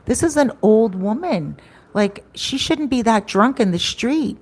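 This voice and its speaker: A man's voice: very high voice, lively intonation, unhurried, a little hiss or hum, voice pushed up, exaggerated voice. A woman voicing her male driver friend, who sounds worried and asks questions.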